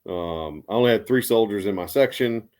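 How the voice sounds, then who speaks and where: A fairly low-pitched, slightly mellow American man, an Army veteran, tells stories at a moderate pace. His delivery is casual and rambling, with many restarts and fillers.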